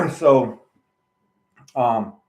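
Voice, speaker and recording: A man's voice: mid-range voice, big pitch swings, drawn-out words, vocal fry, rough recording. A man telling his own story in a casual vlog, rambling and earnest, often tagging lines with "right?" and "you know". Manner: earnest, aggrieved.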